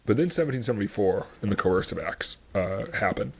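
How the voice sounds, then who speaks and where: Husky low-voiced man on a history podcast. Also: expressive, brisk. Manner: enthusiastic, rambling, lots of fillers. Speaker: podcast host. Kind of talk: casual history podcast chat.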